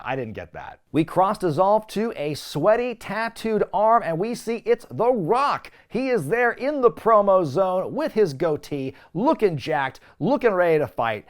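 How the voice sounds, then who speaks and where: A man hosting a wrestling review show, recapping matches with sarcastic commentary and exaggerated quoted voices. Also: on the high side. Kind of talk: recap commentary with comic asides.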